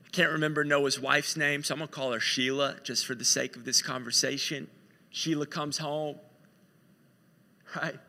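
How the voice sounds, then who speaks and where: A man's voice: fairly high pitch, steady tone, moderate pace, bright, forceful tone, in a large hall. A man preaching a sermon in a conversational, storytelling way, often repeating himself.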